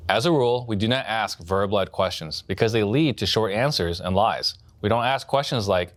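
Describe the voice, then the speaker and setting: A man teaching a sales training lesson in a direct coaching tone, acting out what prospects say and shifting his loudness and pace to show his points. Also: fairly low pitch, normal speed, few pauses.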